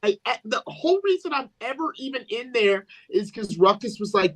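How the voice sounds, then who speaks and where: A man's voice: very high voice, lively intonation, normal speed, hardly any pauses, fairly bright tone, poor audio. A man who works as a ring announcer, a guest on a casual talk show, rambling through stories and repeating himself. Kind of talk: casual chat, storytelling.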